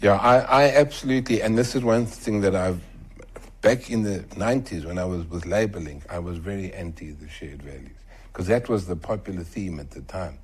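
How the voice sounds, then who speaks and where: An older man, talking earnestly as an interview guest and getting animated when he quotes others. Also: low-pitched, a little fast, slightly rough. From South Africa. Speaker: author and entrepreneur guest. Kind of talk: conversational interview.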